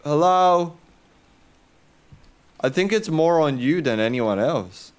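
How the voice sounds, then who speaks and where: Slow, rambling young man playing a game. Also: fairly high pitch, lively intonation. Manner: joking, rambling, swears freely. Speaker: gaming YouTuber. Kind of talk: let's-play commentary.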